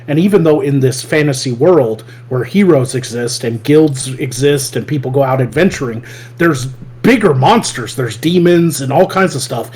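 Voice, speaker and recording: A man's voice: mid-range voice, moderate pace, a little mellow. A man chatting casually and enthusiastically, rambling and laughing often as he explains things. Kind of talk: casual chat.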